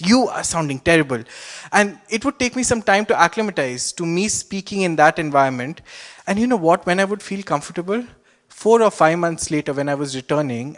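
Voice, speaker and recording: A man's voice: on the high side, a bit bright. A young man with an Indian accent telling a personal story on stage, reflective and wry. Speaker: student storyteller.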